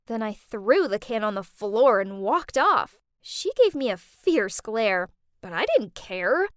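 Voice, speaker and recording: Bratty teen-girl storyteller voice, woman, high and bouncy, dry close mic. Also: big pitch swings, normal speed, no echo. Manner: bratty, eye-rolling teen attitude. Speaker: story narrator. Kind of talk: scripted first-person narration.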